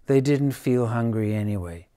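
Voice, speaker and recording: A man reading a children's picture book aloud, gentle and dramatic. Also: medium pitch, moderate pace. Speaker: storyteller.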